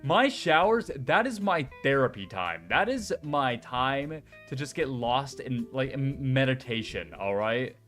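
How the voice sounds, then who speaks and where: A young man chats casually and excitably as a streamer, with a mid-range pitch. He swears freely and talks in bursts. Faint music plays behind him. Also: a little slow, few pauses. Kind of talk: casual chat.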